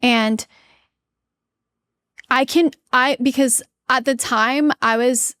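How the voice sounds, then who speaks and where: A woman's voice: high voice, fairly even intonation, takes it slowly, a bit bright, clean tone, no room sound, clean studio sound. A woman in her thirties, a podcast guest, earnestly telling a personal story and acting out what people said. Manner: candid, earnest, acts out her own quoted lines.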